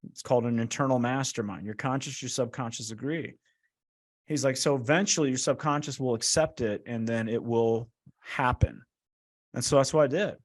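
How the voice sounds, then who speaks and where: A man talking as a guest author in an interview, telling stories casually and acting out the dialogue he quotes. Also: mid-range voice. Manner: animated, acts out quoted dialogue; casual, frequent "right?" and "like". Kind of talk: storytelling interview talk.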